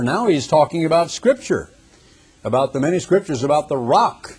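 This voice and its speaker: A man preaching a sermon, reading scripture slowly and emphatically, then explaining it in a conversational way. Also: on the high side, very animated, breathy edge.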